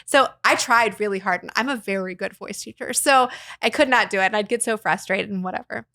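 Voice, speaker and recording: A woman guest, a voice teacher and arts nonprofit founder, talking in a casual interview in an animated, expressive way with frequent laughter. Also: medium pitch, fairly quick, creaky, no echo, clean studio sound.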